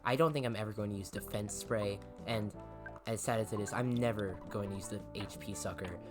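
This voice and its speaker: A man's voice: fairly low pitch, a little fast. Man casually commenting a game playthrough. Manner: casual, wry asides. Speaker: gaming channel host. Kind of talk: let's play commentary. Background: game music.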